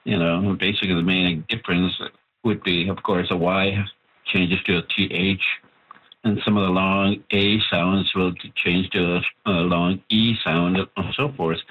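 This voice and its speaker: A man, an author of a language book, giving measured, explanatory interview answers with pauses. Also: low-pitched, husky. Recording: tinny phone-like line.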